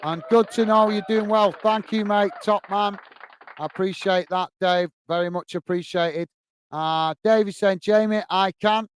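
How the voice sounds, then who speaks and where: A man's voice: high-pitched, fairly even intonation, unhurried, clean tone, dry recording. A man hosting a football fan live stream, upbeat and full of repeated thanks as he reads out viewer comments. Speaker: host of a football fan channel.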